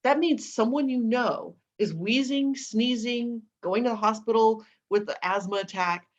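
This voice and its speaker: A woman guest on a video call, telling animated, persuasive stories as an entrepreneur. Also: on the high side, unhurried, highs cut off. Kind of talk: interview storytelling.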